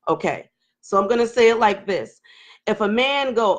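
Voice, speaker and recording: A woman in her forties hosts a frank live-stream conversation, her fairly high voice swinging between nervous laughter and heavy pauses. She talks openly and emotionally, straight to her listeners. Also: sing-song, fairly bright tone. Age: 40s. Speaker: host. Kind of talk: candid live-stream talk.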